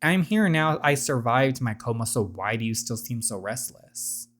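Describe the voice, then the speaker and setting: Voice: medium pitch, expressive, normal speed, lightly acted. A reader voicing an uneasy, guilty husband who speaks hesitantly and apologetically.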